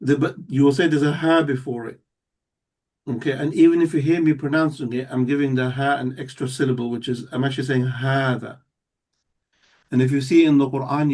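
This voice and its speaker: A man's voice: medium pitch, darkish tone. A man teaching a live Arabic class, explaining step by step and checking that students follow. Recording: voice somewhat distant from the mic.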